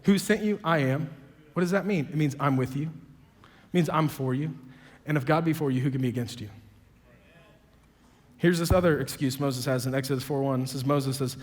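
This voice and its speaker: A man preaching a sermon as a pastor, emphatic, swinging from low and quiet to loud and raised, with sarcastic joking asides. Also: moderate pace, pauses often. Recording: long reverb of a big hall.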